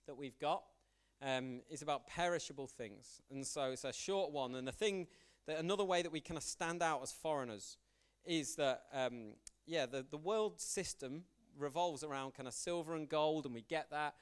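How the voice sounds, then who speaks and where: A man's voice: fairly high pitch, moderate pace, smooth. A young man preaching a casual sermon, telling stories and acting out the dialogue in them. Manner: storytelling, animated, acts out quoted dialogue, self-deprecating. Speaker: youth pastor preaching. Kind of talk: conversational sermon with anecdotes.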